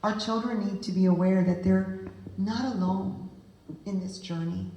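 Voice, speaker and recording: A woman's voice: medium pitch, steady tone, measured pace, warm tone. Woman talking to a room of parents, earnest and emphatic, echoey hall sound. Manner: earnest, emphatic, addresses the audience directly. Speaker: guest speaker at a parent group meeting. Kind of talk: motivational talk to parents. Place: meeting room with audience.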